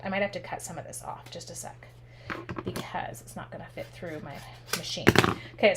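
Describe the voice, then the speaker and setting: A woman's voice: mid-range voice, noisy background. Chatty woman crafting on camera. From Canada. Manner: chatty, animated, talks while working with her hands. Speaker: craft demonstrator. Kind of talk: casual craft tutorial with storytelling.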